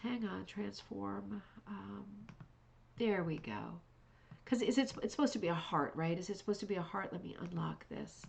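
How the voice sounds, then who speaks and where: A woman's voice: mid-range voice, normal speed, gravelly. A middle-aged woman hosting a craft club livestream, chatting casually and gushing with praise, with many fillers and restarts. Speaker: host of a rug hooking club livestream.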